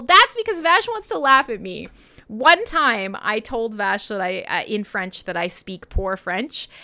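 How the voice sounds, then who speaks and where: A woman's voice: mid-range voice, creaky, bright, forceful tone. A woman from Canada hosting a casual internet radio livestream, chatting in a rambling way and laughing often. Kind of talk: casual livestream chat, reading chat questions.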